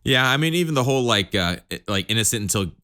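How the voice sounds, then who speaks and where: A man's voice: mid-range voice, animated, quick pace, pushed and bright, smooth. A young man co-hosting a podcast, joking and laughing in casual chat and acting out mock dialogue. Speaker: podcast co-host.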